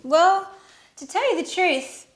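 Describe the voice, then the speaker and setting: An actress playing an eager, flustered young woman in love, chatting excitedly in a scripted sitcom for English learners. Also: very high voice, slow. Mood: chatty. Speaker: Alice, character in a learning sitcom.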